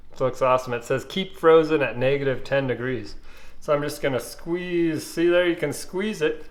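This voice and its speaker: A man, casually reviewing ice pops and thinking aloud with fillers and pauses. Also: on the high side. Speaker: food reviewer.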